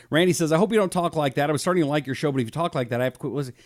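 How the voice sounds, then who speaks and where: A man's voice: on the high side, very fast. A middle-aged man hosting a live talk show, rambling casually and reading out viewer comments.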